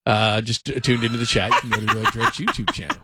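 A man's voice: medium pitch, fast, very noisy. A man hosting a sports talk show, chatting casually and quizzing his co-host.

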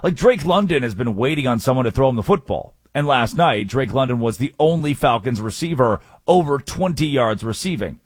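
A man's voice: mid-range voice, expressive, brisk, hardly any pauses, breathy edge, no room sound. A man hosting a sports radio show, energetically rattling off game stats.

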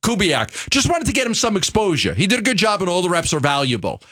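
A man with a New York accent co-hosting a sports radio show, talking casually in an animated, halting way with many restarts. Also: sits high.

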